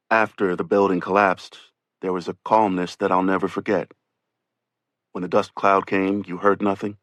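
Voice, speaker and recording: A man giving a measured, grave first-person reading for an audiobook. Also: on the low side, a bit bright, no room sound. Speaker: audiobook reader.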